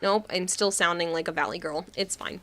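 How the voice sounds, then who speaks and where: A woman's voice: fairly low pitch, fairly even intonation, a little fast, fairly bright tone. A woman streamer in casual live-stream chat, rambling and laughing often while she answers chat. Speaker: game streamer.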